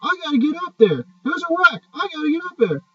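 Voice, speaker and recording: A man voicing an angry male tow truck driver who yells in a high, strained voice. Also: sing-song, dry recording, full character voice. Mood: furious. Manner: yelling, pitched up high and fast. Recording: dull recording from a distant mic.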